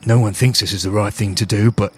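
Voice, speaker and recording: A man's voice: fairly low pitch, fairly even intonation, fast talker, darkish tone, slightly rough, dry recording, soft background music. A man voicing a reluctant soldier who carries a barrel. He speaks hesitantly and stammers through restarts. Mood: resigned. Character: weary, reluctant male soldier carrying a barrel.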